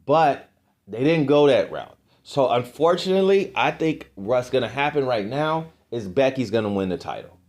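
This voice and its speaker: A man's voice: medium pitch, expressive, normal speed, darkish tone. A man co-hosting a wrestling podcast, ranting in casual, profane commentary, his voice jumping up when exasperated.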